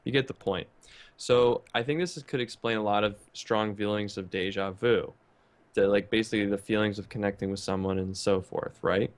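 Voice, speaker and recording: Low-voiced man rambling through a theory. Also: steady tone, moderate pace. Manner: rambling, meandering explanations full of fillers. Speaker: podcast co-host. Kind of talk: casual chat.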